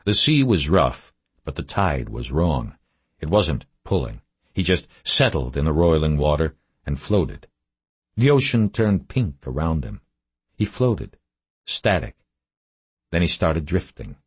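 A man narrates a first-person story in a very deep, husky voice. His delivery is terse and measured, kept low-key from line to line, in a dry recording. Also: sing-song, dry recording. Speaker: audiobook narrator.

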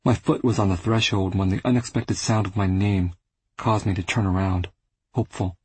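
A male audiobook narrator with a low, very husky voice reads first-person literary fiction. His delivery is measured and restrained, and the sound is dry and close. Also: fairly even intonation, dry recording, low-quality recording.

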